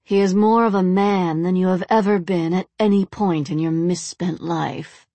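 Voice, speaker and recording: A woman voicing a calm, formal, emotionally detached female spirit who speaks to her master. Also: lowish voice, moderate pace, no room sound. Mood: cool.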